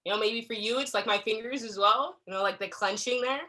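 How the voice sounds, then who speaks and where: A young woman gives a staff training session in a bright, sharp voice that sits a little high. She talks conversationally, checking in with her listeners again and again and acting out short exchanges as she explains. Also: brisk. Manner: conversational, frequent "okay?" check-ins; acts out quoted exchanges. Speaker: workplace trainer.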